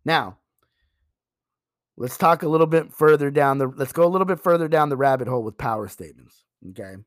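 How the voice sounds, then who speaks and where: A man giving a sales training talk, emphatic and animated, acting out pitches to customers. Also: brisk, no echo, studio quality.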